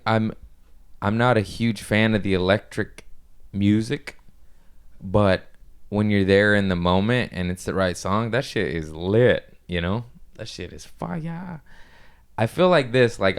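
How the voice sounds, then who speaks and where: A man's voice: low voice, smooth. A man, a stand-up comedian, telling rambling, profane stories in a casual podcast chat.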